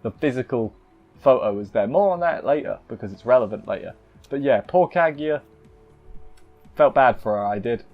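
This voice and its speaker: A man's voice: mid-range voice, lively intonation, moderate pace, long pauses, muffled recording, faint music behind. A man casually recapping an anime episode, rambling and cutting himself off with playful asides. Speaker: anime reviewer.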